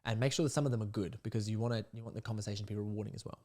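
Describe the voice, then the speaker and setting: A man's voice: fairly low pitch, fairly even intonation, very fast, darkish tone. A young adult man hosting a podcast, coaching men in a casual monologue, blunt and profane, joking and acting out sample dialogue. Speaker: podcast host, men's coach.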